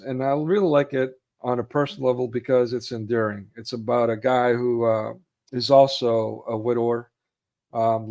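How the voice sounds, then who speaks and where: Here a medium-pitched man with vocal fry and a darkish tone comes through on lo-fi audio. He's a film chat co-host casually discussing his favorite movies, full of fillers and restarts, and he performs quotes loudly as he rambles.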